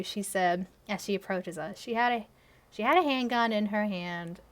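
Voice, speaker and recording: A woman's voice: medium pitch, expressive, normal speed. A young woman hosting her channel, reading her old story aloud with laughing, swearing, embarrassed asides, recorded on camera. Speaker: channel host.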